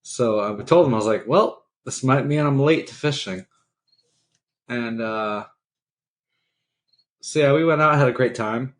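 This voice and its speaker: A man's voice: medium pitch, measured pace, long pauses. A man co-hosting a casual podcast, telling a story from his weekend in an easygoing, joking way and laughing at himself. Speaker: podcast co-host.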